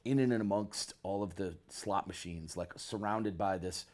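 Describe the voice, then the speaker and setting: A man from northern Michigan, a bass player guesting on an interview, telling rambling stories in a laid-back, slangy way. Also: a little slow, a little mellow. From northern Michigan, USA. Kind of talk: casual storytelling interview.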